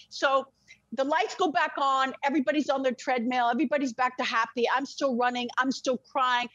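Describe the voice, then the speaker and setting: An intense woman with a high voice speaks frankly, often swearing and restarting her words. The recording is dry and slightly dull, with no room sound. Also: fast, a bit bright, dry recording. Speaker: podcast guest. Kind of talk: emotional personal storytelling.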